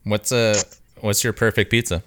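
A man hosting a casual interview, giving brief replies and asking relaxed questions. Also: on the low side, moderate pace. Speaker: podcast host interviewer.

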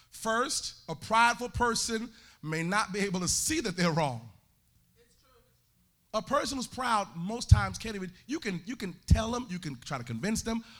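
Pastor guy preaching in church, high voice, bright, singsong and shouty peaks. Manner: animated preaching with sung and shouted climaxes. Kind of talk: sermon.

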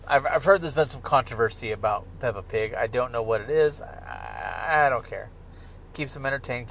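A middle-aged man hosts a podcast from inside a moving car, rambling casually with profanity and jokes. His voice is medium-pitched and fairly bright, with car and traffic noise in the background.

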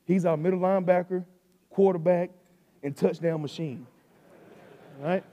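Preacher guy, high voice, chatty coach talk that gets loud, echoey church hall. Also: unhurried, highs cut off. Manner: builds from calm storytelling to loud shouting; coaching, conversational, with southern-style slang. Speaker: pastor. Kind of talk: sermon.

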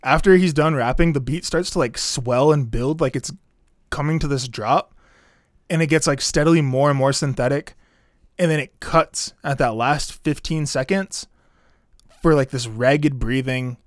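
A man in casual podcast chat, walking through an album track by track in an easygoing, rambling way. His voice sits at an ordinary pitch and sounds close and dry, with no room around it. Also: moderate pace, dry recording. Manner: relaxed, rambling, many "like" fillers. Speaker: podcast co-host reviewing an album.

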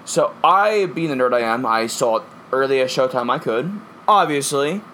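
A young man co-hosting a podcast, chatting casually and telling animated, profane stories. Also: medium pitch, moderate pace, slight background noise. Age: young adult. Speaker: podcast co-host. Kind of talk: casual chat.

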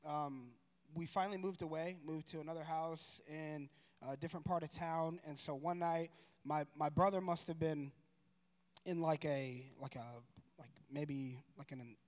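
A man telling a personal story in a casual, rambling way, correcting himself and growing animated. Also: on the high side, moderate pace. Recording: long room reverb.

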